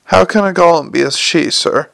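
A man's voice: fairly high pitch, normal speed, vocal fry, fairly bright tone, clear, resonant tone, no echo. A man reading the part of a courteous, unflappable young police captain who calls everyone sir. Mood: politely probing. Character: polite earnest young male police captain.

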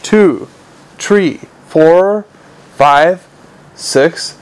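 Male narrator doing a dim, blunt troll cop with broken grammar, a bit raised in pitch. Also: very slow, clean tone. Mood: gruff.

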